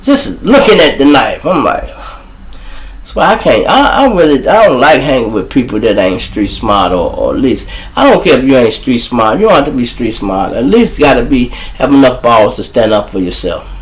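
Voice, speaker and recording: A man's voice: mid-range voice, sing-song, moderate pace, poor audio. A man with a Chicago accent hosting a live show, telling blunt, profane stories straight to his viewers. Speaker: livestream show host. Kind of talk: casual live monologue.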